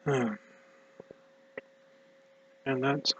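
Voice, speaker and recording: An exhausted man talks in a mumbly, halting ramble that keeps slipping into near-whispers. His voice has a bright edge but almost no rise and fall. A faint hum sits under it. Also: medium pitch, steady tone, vocal fry, rough recording. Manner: halting, hushed, drifting into whispers. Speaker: vlogger. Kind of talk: rambling personal monologue.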